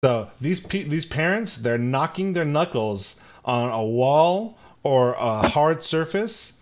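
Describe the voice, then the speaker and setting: A man co-hosting a casual podcast, rambling with frequent restarts and quick asides. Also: fairly high pitch, animated. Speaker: podcast co-host.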